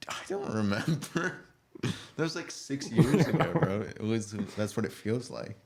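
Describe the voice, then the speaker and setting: A man's voice: medium pitch, animated, measured pace, creaky, darkish tone, slight background noise. A young man co-hosting a podcast, chatting casually about a reality show and acting out people's lines in exaggerated voices, often laughing. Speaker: podcast co-host. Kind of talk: casual reality-TV recap chat.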